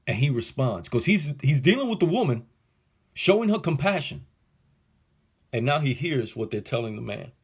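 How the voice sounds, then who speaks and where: Husky-voiced pastor preaching casually. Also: male voice, medium pitch, moderate pace, long pauses. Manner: casual, slangy, animated, building to fervor. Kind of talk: preaching a verse-by-verse Bible study.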